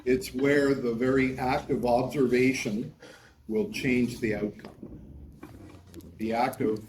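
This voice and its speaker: A man's voice: medium pitch, little pitch movement, slow pace, darkish tone, slight background noise. A male university lecturer giving a class lecture, talking with students and often checking in with "right?". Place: lecture hall. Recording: echoey classroom from far off.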